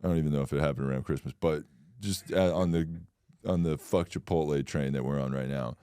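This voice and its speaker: A low-pitched man riffing on a comedy podcast, crude and animated. He keeps slipping into high, mocking voices for the people in his stories. The recording is close and dry, with no room sound. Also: a little fast, clear, resonant tone, no room sound. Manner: profane, acts out shrill voices in anecdotes. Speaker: podcast co-host. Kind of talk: casual comedic chat.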